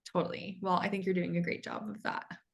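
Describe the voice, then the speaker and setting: Gravelly-voiced woman hosting a chat. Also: lowish voice, flat delivery, a little fast. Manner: warmly affirming, chatty. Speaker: podcast host. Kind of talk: casual podcast interview.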